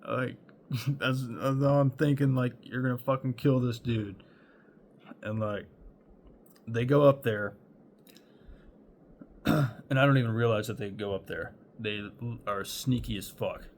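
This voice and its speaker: A man's voice: mid-range voice, steady tone, measured pace, pauses often, a little hiss or hum. A young man telling a chaotic personal story in a loose, rambling way, swearing often and laughing between thoughts. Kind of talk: casual storytime.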